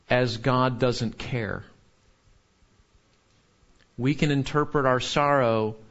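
A man's voice: mid-range voice, a bit bright, highs cut off. A man teaching a Bible lesson to a class in a conversational way, often asking "right?" and repeating key points for emphasis.

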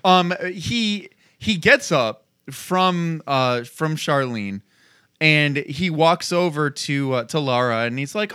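A man on a casual podcast who swears freely and acts out quick impressions as he recaps. His voice sits a little high and sounds bright, recorded close and dry. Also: animated, clear, resonant tone, no room sound. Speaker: podcast host. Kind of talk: casual chat.

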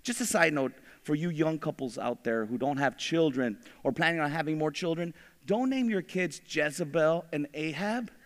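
A man preaching a sermon, animated, acting out biblical figures in casual everyday slang. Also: a little high, normal speed. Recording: long reverb of a large hall.

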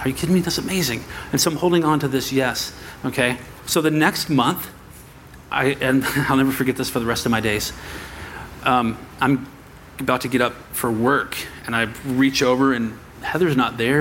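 This pastor has a medium-pitched voice and speaks at a normal speed over slight background noise. Preaching in a church sanctuary, he tells his congregation a personal story and brings its characters' voices to life.

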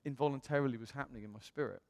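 Animated man preaching in reverberant hall. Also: medium pitch, rapid-fire, gravelly. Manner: animated storytelling, acts out quotes, self-mocking humor. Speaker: pastor. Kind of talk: personal testimony sermon.

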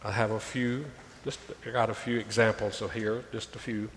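A man's voice: lowish voice, little pitch movement, normal speed, fairly bright tone. A male pastor preaching a sermon, reading scripture aloud and calling his listeners "folks" with emphatic rises. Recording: long reverb, faint ambient noise.

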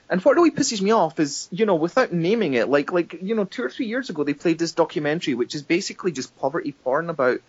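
A Scottish man talks fast and loose on a podcast, swearing and restarting his sentences as he rants. His voice sits high and swings widely, with a husky edge. The recording sounds dull and lo-fi. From Scotland. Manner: ranting, sweary, many restarts and fillers. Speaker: documentary maker and podcast guest. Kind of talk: casual podcast chat.

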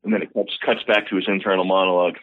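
A man's voice: sits low, flat delivery, very fast, narrow, tinny audio. A man guesting on a podcast, recounting a comedy idea in loose, swearing, casual talk. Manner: loose storytelling, swears and laughs easily. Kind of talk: casual chat.

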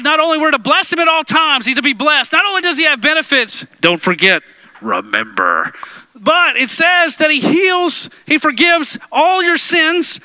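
Man preaching a sermon, high bright voice, close dry sound, playful with the congregation. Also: dry recording. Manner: playful, jokes with the congregation, drops into deep impressions. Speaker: pastor. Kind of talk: energetic sermon. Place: church sanctuary.

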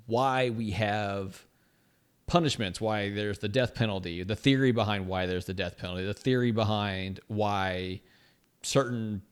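A young man co-hosting a casual podcast, talking in a rambling, animated way with lots of restarts and "right?" tags. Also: lowish voice, measured pace, clear, resonant tone. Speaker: podcast co-host. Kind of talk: casual chat.

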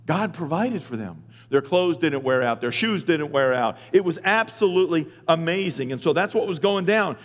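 A male pastor preaching a sermon, retelling scripture in casual slang and building to emphatic shouts. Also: fairly high pitch, lively intonation, moderate pace, few pauses. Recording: long reverb of a large hall.

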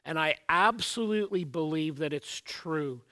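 Male pastor, high bright voice, earnest sermon delivery. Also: normal speed. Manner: earnest, storytelling opener then teaching, occasional restarts.

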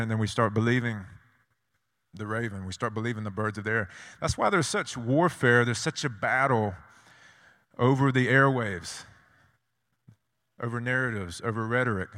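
A man's voice: medium pitch, moderate pace, a bit bright. Preaching man in a reverberant hall. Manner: storytelling with rhetorical questions and repetition. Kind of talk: sermon.

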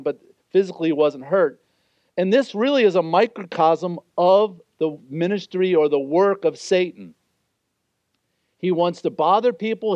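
A man's voice: high voice, darkish tone, no echo, highs cut off. A man preaching a sermon as pastor, explaining scripture in an earnest way and briefly acting out the voices he quotes.

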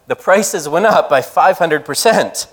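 A man's voice: fairly high pitch, expressive, a little slow, big-room sound. A man voicing a shrewd woman who bargains firmly and speaks bluntly. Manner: firm, blunt.

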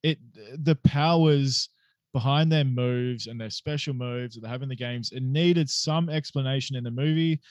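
A man's voice: medium pitch, moderate pace, no echo, muffled recording. A young Australian man hosting a casual podcast chat, talking loosely, swearing and laughing often. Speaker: podcast host.

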